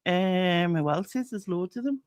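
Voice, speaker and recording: A woman's voice: fairly low pitch, lively intonation, moderate pace, darkish tone, no room sound, clean studio sound. A woman with a Northeast English accent hosting a casual livestream chat, laughing readily and poking fun at herself. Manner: laughs readily, self-mocking. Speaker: host.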